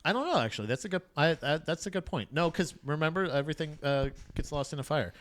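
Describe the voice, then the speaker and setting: A man's voice: fairly high pitch, expressive, quick pace, a bit bright. A young adult man co-hosting a casual podcast, telling a history story with lots of fillers and swearing. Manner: profane, rambling storyteller with frequent fillers. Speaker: podcast co-host.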